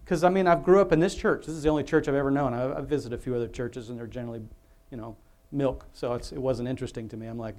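A man's voice: medium pitch, rapid-fire, darkish tone. Male pastor, casual sermon, talks in loops and asides, restarts a lot. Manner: chatty, self-interrupting, many restarts and asides. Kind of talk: rambling informal sermon.

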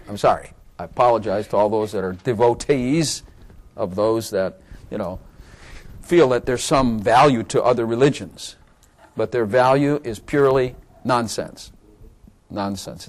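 A man preaching a sermon in a conversational way, chuckling often and building to excited, emphatic bursts. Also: medium pitch. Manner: chuckling, playful asides, rising to excited emphasis.

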